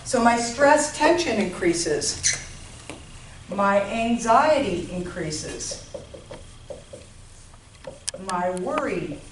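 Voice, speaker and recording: A woman giving an informal lecture on health to a class, often checking in with her listeners. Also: medium pitch. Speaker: health educator. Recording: roomy, distant mic, faint noise.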